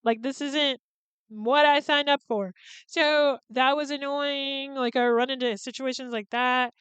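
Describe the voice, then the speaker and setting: A woman's voice: high voice, steady tone, unhurried, a bit bright, no echo. A woman in her thirties hosting a podcast, chatting casually and profanely as she recaps a movie and acts out its lines. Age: 30s. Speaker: podcast host.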